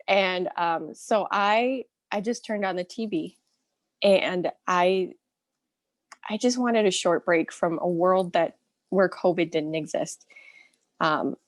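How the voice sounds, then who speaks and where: A woman's voice: lowish voice, no room sound. A woman in her thirties giving a candid, conversational church message over a video call, laughing often between phrases. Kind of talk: personal testimony sermon.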